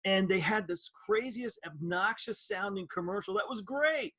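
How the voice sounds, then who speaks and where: A man's voice: high-pitched, moderate pace, husky. A middle-aged man, a former radio producer, co-hosting a nostalgic casual chat and animatedly telling stories. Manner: animated storyteller who acts out quoted voices.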